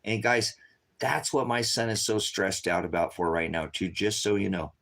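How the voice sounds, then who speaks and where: A man's voice: lowish voice, moderate pace, gravelly, fairly bright tone. A man livestreaming to his viewers, talking urgently and repetitively, tired from staying up all night. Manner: urgent and repetitive, constantly addressing viewers as guys. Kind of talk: unscripted livestream talk to viewers.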